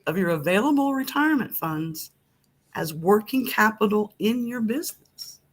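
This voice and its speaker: A woman's voice: medium pitch, animated, moderate pace. A woman guest on a business talk show, confidently and cheerfully explaining financing options. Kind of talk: casual video podcast talk.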